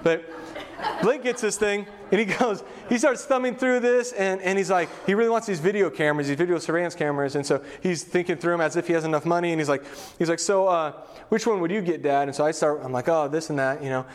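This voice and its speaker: A man's voice: fairly high pitch, quick pace. A middle-aged male pastor preaching a casual, conversational sermon, full of asides, fillers and family stories.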